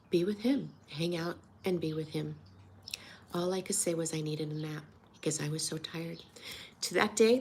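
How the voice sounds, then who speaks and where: A woman's voice: lowish voice, gravelly, slight background noise. A woman in her sixties, a weight loss coach, talking earnestly and emotionally in a personal vlog, encouraging her viewers. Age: 60s.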